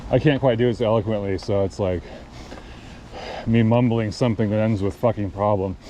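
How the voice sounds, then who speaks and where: A man's voice: fairly low pitch, fairly even intonation, brisk, warm tone. A man casually telling a road story in a rambling, profane, amused way, recorded outdoors by a road. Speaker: cycling vlogger. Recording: clear outdoor traffic noise.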